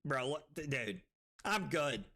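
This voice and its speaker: Brief: young female stream host, card game commentary, animated and loud, vivid pitch swings. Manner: animated, excitable, quick to laugh and shout.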